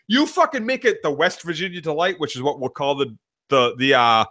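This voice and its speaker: A man with a Boston accent, co-hosting a fan show and ranting loudly with heavy profanity. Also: fairly high pitch, lively intonation, brisk. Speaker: co-host.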